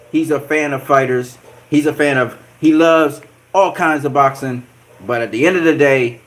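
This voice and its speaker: Profane, excitable male boxing vlogger. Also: on the high side. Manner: animated, profane trash-talk with repeated catchphrases and laughs. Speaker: boxing channel host. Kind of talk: casual boxing commentary vlog.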